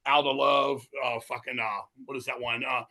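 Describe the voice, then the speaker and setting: A middle-aged man telling animated, profanity-heavy stories in a casual interview. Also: medium pitch, moderate pace. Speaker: guest musician.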